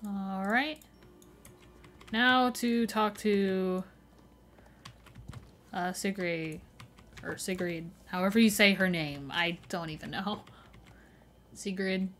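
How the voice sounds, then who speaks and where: A young woman talks casually to her chat while she streams a game. She is chatty and laughs often as she greets viewers and answers their questions. Her pitch sits in the middle of the usual range. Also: slow, long pauses, fairly bright tone, slight background noise.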